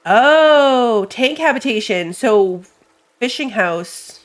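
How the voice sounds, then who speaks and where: A woman with a stuffy nose gives casual let's-play commentary, reading out game text and laughing at her own slips. Her voice sits high and bounces around in pitch. Soft game music plays underneath. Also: animated, slow. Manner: thinks aloud, reads game text, laughs at herself. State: stuffy from allergies. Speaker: gamer.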